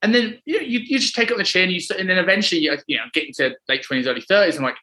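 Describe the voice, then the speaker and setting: A man's voice: sits high, lively intonation, very fast, pushed and bright, low-quality recording. A man hosting a podcast, chatty and rambling, with lots of "like" and "you know". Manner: chatty, rambling, many fillers. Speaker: podcast host. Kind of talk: casual podcast chat.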